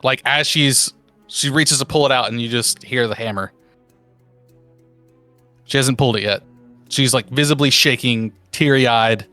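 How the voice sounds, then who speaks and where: Young dude gm narrating the game, laid back, swears a bunch. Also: male voice, mid-range voice, measured pace, long pauses, no room sound, faint music behind. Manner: relaxed, swears casually. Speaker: game master.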